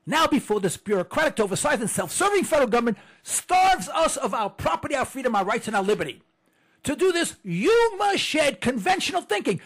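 Very high, a bit bright, and very animated, the man's voice moves a little fast as he hosts a political talk show. He rants fervently in an impassioned monologue, repeating phrases for emphasis, captured on a computer setup.

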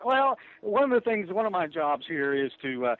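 A man's voice: sits high, sing-song, moderate pace, no echo. Rambling man on tinny radio audio. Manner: rambling storyteller with many fillers and restarts. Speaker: guest who verifies insurance applications. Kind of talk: casual radio chat.

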